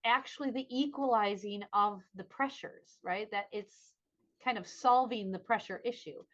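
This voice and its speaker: A woman's voice: medium pitch, normal speed, fairly bright tone, muffled recording. A middle-aged woman co-hosting a podcast, chatting casually and telling a story animatedly, acting out the voices of the people she quotes. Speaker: podcast co-host. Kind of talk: casual chat.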